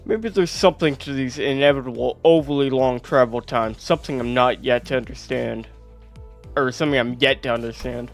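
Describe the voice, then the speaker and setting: A man's voice: medium pitch, brisk, creaky, soft background music. A man streaming a game, reading its story aloud in a casual way and mixing in his own asides. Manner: casual, with plain narration between asides.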